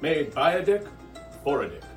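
A man doing a pompous doctor pitchman. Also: sing-song, normal speed. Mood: grandiose. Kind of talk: mock commercial. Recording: distant ad clip with music.

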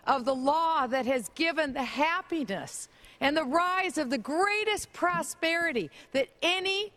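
Slow, high-voiced woman giving a speech. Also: a bit bright. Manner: earnest, declamatory. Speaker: public speaker. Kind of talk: formal speech.

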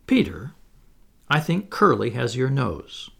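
A man's voice: mid-range voice, huge pitch swings, slow, vocal fry, husky, exaggerated voice. A man reading aloud and voicing a prim, motherly young girl who talks earnestly and sometimes scornfully.

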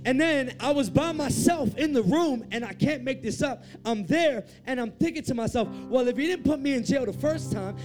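High-voiced man preaching a testimony. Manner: swings from hushed to loud and animated. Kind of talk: sermon storytelling.

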